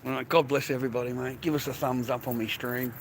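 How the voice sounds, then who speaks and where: A man's voice: mid-range voice, fairly even intonation, fast, creaky. An older man with an Australian accent, livestreaming a blunt, profane street rant and calling everyone "mate" and "bro". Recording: noisy outdoor phone stream.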